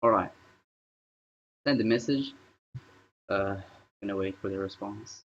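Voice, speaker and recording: Male streamer, low voice, casual aimless chatter, thinks out loud; muffled home-stream sound. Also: unhurried. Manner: rambling, thinking aloud while working. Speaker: live streamer. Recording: dull lo-fi stream audio.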